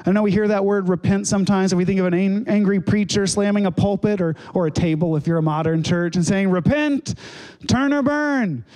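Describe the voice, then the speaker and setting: A man's voice: high-pitched, level tone, fast talker, few pauses, dark tone. A male pastor giving a sermon, retelling a scripture story in a conversational way with casual asides.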